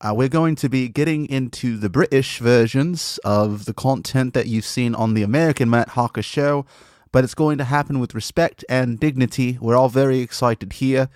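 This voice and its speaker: A man rambles through a comic monologue in a deliberately fake British accent, sounding mock-formal and absurd. His voice sits at an ordinary middle pitch. The sound is close and dry, with no room around it. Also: a little mellow, no room sound. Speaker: comedy podcast host.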